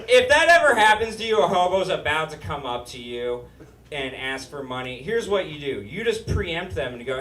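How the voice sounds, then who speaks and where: A man's voice: high-pitched, lively intonation, moderate pace, recorded from a distance, crowd noise. A man from Utah doing a stand-up comedy set, with a nasal, whiny voice and sardonic, swearing punchlines. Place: small comedy stage with live studio audience. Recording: roomy stage with audience laughter.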